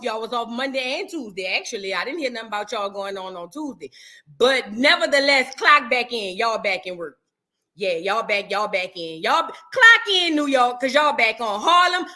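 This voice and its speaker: On the channel she hosts, a high-voiced woman talks celebrity gossip in a laid-back way. Her delivery is sassy and animated, with the odd sung bit thrown in.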